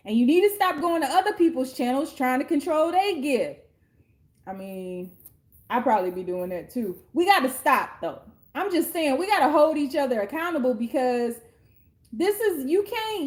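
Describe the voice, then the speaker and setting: A woman tarot card reader in a casual reading monologue, talking bluntly, sassily and with plenty of profanity in slangy, drawn-out street talk. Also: high-pitched.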